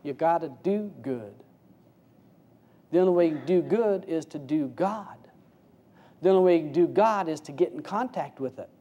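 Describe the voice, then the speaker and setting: Man, spiritual teacher, folksy sermon, relaxed dark voice, rhetorical questions, shifts from hushed to raised. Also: a little high, normal speed, long pauses, highs cut off. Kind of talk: informal sermon.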